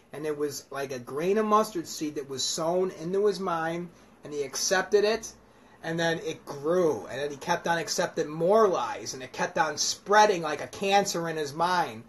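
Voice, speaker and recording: A man giving rambling, profane, joking commentary on scripture as a self-styled preacher. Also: fairly high pitch. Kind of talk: irreverent comedic scripture commentary.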